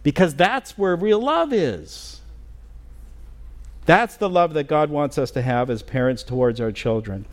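A middle-aged man preaching a sermon as pastor in a church, earnest and halting, with many fillers and restarts. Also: on the high side, animated. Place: church sanctuary.

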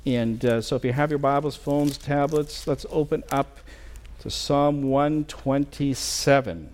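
A middle-aged man preaching a sermon as pastor in a church, earnest and halting, with many fillers and restarts. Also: medium pitch, fairly even intonation, a little mellow. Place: church sanctuary.

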